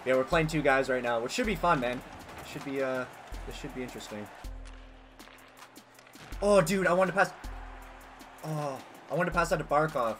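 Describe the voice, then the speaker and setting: A young man giving casual, excitable gameplay commentary as a gaming channel host, swearing and yelling at big plays. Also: medium pitch, brisk, soft background music. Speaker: gaming youtuber.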